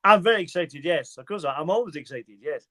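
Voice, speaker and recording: A man's voice: fairly high pitch, lively intonation, fairly quick, bright, forceful tone. A man in his fifties, a guest on a live panel, chatting eagerly and reminiscing. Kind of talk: casual chat.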